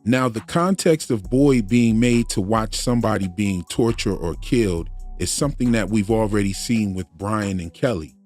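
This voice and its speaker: A man's voice: lowish voice, normal speed, few pauses, darkish tone, faint music behind. A man hosting a TV theory channel, giving casual analytical commentary and reasoning aloud in a conversational way. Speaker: YouTube theory channel host.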